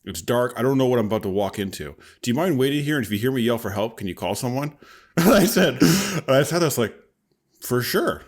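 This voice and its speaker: A man telling a story in relaxed, low-key podcast banter as a co-host. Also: brisk. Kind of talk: casual storytelling chat.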